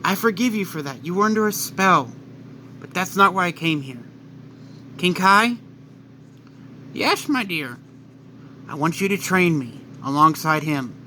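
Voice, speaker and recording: A man's voice: high voice, lively intonation, a little slow, pauses often, pushed and bright, slight background noise, full character voice. A man voicing a determined, grieving young wife who speaks in a firm, pleading way.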